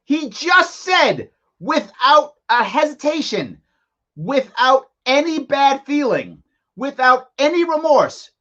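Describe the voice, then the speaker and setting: A man's voice: very high voice, sing-song, unhurried, fairly bright tone, muffled recording. A man hosting a live commentary show, mocking and sarcastic as he reacts to a press conference. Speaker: host.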